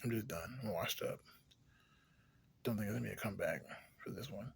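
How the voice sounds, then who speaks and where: A man's voice: lowish voice, a little fast, creaky, slightly rough. A man vlogging an unscripted rant, rambling with heavy swearing and many fillers, sometimes dropping to a tired near-whisper. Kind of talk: unscripted venting monologue.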